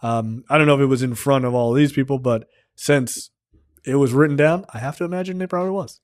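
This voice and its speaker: Swearing freely, a film review podcast host walks through movie scenes in an animated, casual chat. His medium-pitched delivery is quick, recorded cleanly in a studio without echo.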